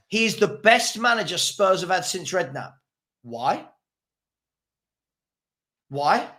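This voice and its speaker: Host, male, high voice, live-stream chat reader, combative and mocking, loops back on his own lines. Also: a bit bright. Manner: combative, mocking, repeats himself. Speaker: fan channel host. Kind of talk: live-stream commentary reading chat comments.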